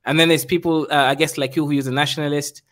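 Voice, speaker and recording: A man with a somewhat high voice steering a casual discussion. He asks pointed, wry questions and gives examples at an easy pace. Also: fairly even intonation, quick pace, fairly bright tone. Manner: quizzing, wry.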